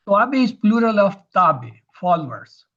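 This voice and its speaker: High-voiced man teaching grammar online. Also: sing-song, moderate pace, a bit bright, highs cut off. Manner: methodical, explains terms step by step.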